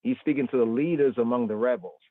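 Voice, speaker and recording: A man teaching a Bible study on a livestream, slow and deliberate, repeating words and often checking in with "right?". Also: medium pitch, no echo. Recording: tinny phone-line sound, dry.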